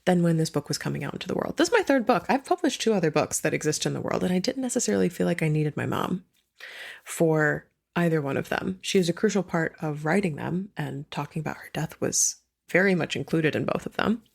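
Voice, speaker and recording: A woman with a lowish, gravelly voice talks with a guest's easy candor. She sounds earnest and reflective and breaks into laughter easily. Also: expressive, a little fast. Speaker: podcast guest, author. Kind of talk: casual conversation.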